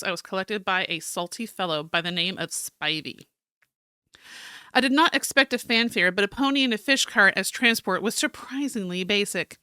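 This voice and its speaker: A woman's voice: medium pitch, pushed and bright, clean tone, dry recording, clean studio sound, close to an everyday voice. A woman voicing a stiff, proud male cartographer, reading his journal aloud in a formal, slightly fancy manner with small stumbles.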